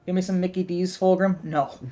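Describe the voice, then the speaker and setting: A man's voice: sits high, flat delivery, fairly quick, mellow, faint music behind. A man, a guest on a livestream, telling a story in casual chat on a voice call, rambling with lots of fillers and swearing. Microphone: voice call from a computer.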